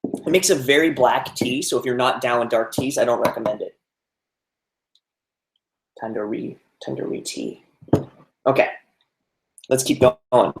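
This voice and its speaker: A man's voice: mid-range voice, a little slow, long pauses. Chatty young man in a roomy echo. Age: young adult. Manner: chatty, reads out viewer comments, many "like" fillers. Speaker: streamer. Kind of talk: casual live stream chat.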